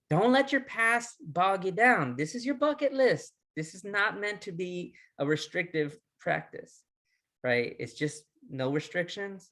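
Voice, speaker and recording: A man's voice: a little high, fairly bright tone. A man leading a recorded training lesson, speaking with energy, firing off repeated questions and restarting his words. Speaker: resilience trainer.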